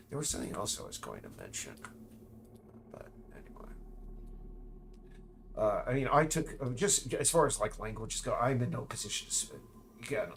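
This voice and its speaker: On his stream, an American indie developer in middle age talks in a gravelly mid-range voice as he works, rambling off on tangents and stumbling into restarts. A faint hiss or hum sits under the recording.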